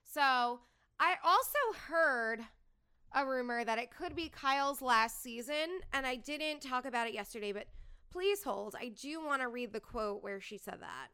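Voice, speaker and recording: A young adult woman hosting a podcast, chatting casually and full of fillers and quick asides. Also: high-pitched, bright, forceful tone, clear, resonant tone. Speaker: podcast host. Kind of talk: casual chat, reality TV gossip.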